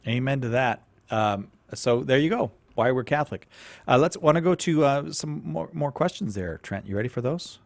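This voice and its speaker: A man's voice: medium pitch, lively intonation, moderate pace, gravelly, no echo. Guy hosting a call-in radio show, rambly, trips over his words, dry studio sound. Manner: rambling, stumbles and laughs at himself. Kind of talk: casual live radio talk.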